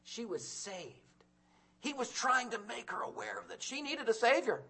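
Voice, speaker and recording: A man preaching a sermon, swinging from loud urgent calls to quiet hushed storytelling and often repeating words as he goes. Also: extremely high pitch, expressive, normal speed, gravelly, breathy edge.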